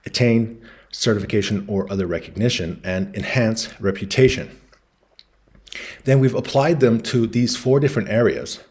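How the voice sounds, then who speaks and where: A man explaining business concepts in a relaxed lecture, talking through slides and acting out quoted voices in his anecdotes. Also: lowish voice. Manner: casual storytelling, acts out quoted voices.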